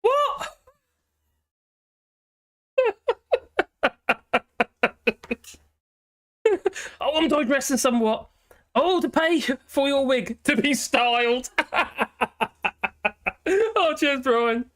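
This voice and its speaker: A hoarse man hosting a live stream, chatting in a rambling, cheeky way and giggling often. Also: very high voice, slow pace, long pauses, fairly bright tone. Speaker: livestream host. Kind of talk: casual live-stream chat. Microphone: headphones with a small speaker.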